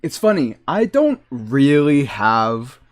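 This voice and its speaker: A male streamer from the Boston area who rambles and jokes with his viewers. He talks slowly and unhurriedly into a desk microphone, with a mid-range voice. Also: mid-range voice, big pitch swings. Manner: rambling and joking. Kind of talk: casual livestream chat.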